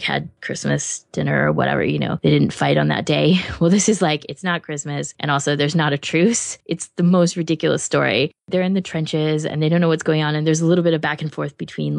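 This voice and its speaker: A woman's voice: deep voice, creaky, dry recording, clean studio sound. A woman co-hosting a podcast in casual chat, rambling with many fillers and frequent laughs. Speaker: podcast co-host reviewing fan audiobooks.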